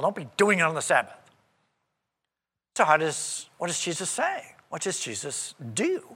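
Lively high-voiced male preacher in a hall. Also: slightly rough. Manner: animated and conversational, acts out quoted speech. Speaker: pastor. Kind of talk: sermon.

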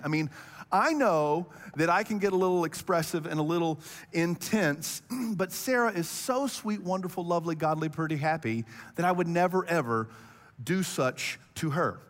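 A fairly high-voiced man in his thirties preaches to his church, swept up in his own storytelling. He bursts into quick runs of words when excited, and his voice carries a long reverb through a large hall. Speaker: pastor. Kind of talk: sermon.

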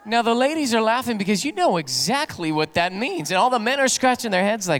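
A man's voice: sits high, big pitch swings, fairly quick, hardly any pauses, a bit bright. A middle-aged man, a pastor, preaching a sermon and telling stories and jokes to his congregation. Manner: storytelling preacher who plays out quotes and jokes with the congregation.

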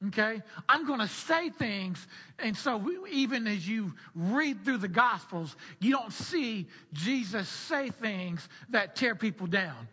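A man's voice: high voice, animated, a little slow, sharp tone, slightly rough, long reverb tail. A man preaching a sermon, teaching from scripture and repeating key phrases for emphasis.

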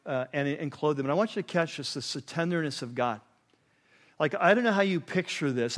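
A male pastor delivers a sermon in a slightly high, casual, conversational voice. He leans in with repeated prompts to his listeners and sinks low and soft when he lands a point. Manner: conversational preaching, repeats "catch this", drops low and quiet on key phrases.

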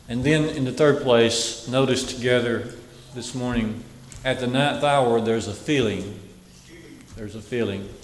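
A man preaching a sermon who repeats key phrases and lets them fall to a hush. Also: mid-range voice, roomy sound, big-room sound, slight background noise, rough recording.

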